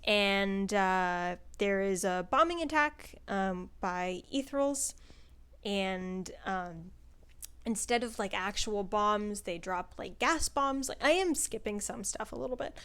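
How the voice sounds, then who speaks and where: A woman's voice: medium pitch, expressive, takes it slowly, a bit bright, clear, resonant tone. A woman giving a casual, rambling spoken book review, full of filler words and swearing, laughing often as she talks. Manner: chatty and rambling, with frequent "like" and profanity; laughs often while talking.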